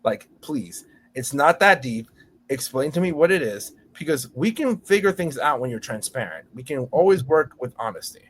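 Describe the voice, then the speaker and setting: A man talking as a podcast guest about teaching kids to speak, lively and acting out voices of students and teachers. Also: on the high side, normal speed, a little hiss or hum. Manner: animated, acts out students and teachers in exaggerated voices. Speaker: podcast guest, school storytelling educator. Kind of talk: casual podcast conversation.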